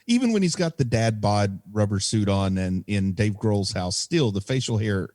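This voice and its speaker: Man, casual podcast chat, animated, close dry mic. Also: lowish voice, normal speed, no echo. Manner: animated storytelling, acts out quoted dialogue. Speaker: podcast co-host.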